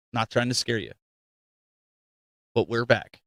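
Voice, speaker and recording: A man hosting a casual chat show, upbeat and animated, with a close, dry microphone sound. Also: mid-range voice, slow, dry recording. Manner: upbeat, animated announcer-style delivery. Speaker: host.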